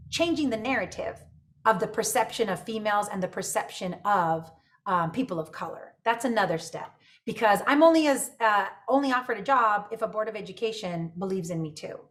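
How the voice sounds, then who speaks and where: A woman's voice: mid-range voice, lively intonation, moderate pace, a bit bright. A middle-aged woman, a superintendent and podcast guest, speaking with upbeat conviction. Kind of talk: casual conversational interview.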